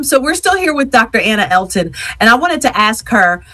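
A woman's voice: fairly high pitch, very animated, brisk, bright, forceful tone, soft background music. A woman hosting a radio talk show, chatting casually and informally with her guest in the studio. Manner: chatty, informal, uses y'all. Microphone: headphones on, studio mic.

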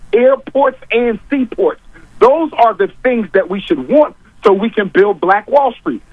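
A man's voice: sits high, dry recording. A man arguing his points emphatically on a talk show, repeating key lines for weight. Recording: dull, dry lo-fi audio.

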